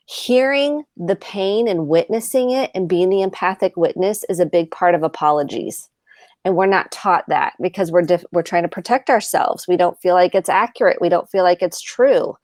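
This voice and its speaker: A woman's voice: on the low side, measured pace, a little mellow, no echo, studio quality. A woman therapist on a video call, explaining earnestly and acting out example phrases as she goes. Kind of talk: video chat advice talk.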